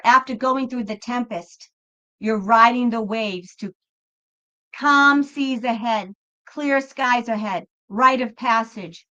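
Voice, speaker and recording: Bright-voiced woman tarot streamer. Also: fairly high pitch, lo-fi sound. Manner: chatty, reassuring, addresses viewers as folks. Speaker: tarot reader and livestream host. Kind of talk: casual livestream commentary.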